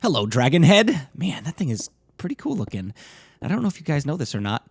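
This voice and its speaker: A young man hosting a Let's Play, narrating his own gameplay in a chatty, casual way, with a slightly rough morning voice. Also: a little high, big pitch swings, fairly quick, no room sound.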